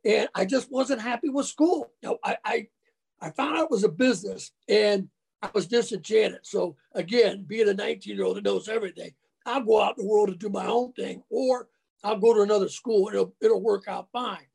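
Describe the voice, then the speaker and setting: Gravelly, husky man telling stories. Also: high voice, brisk, darkish tone. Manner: folksy, colloquial. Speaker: interview guest, former college football player. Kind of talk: casual storytelling.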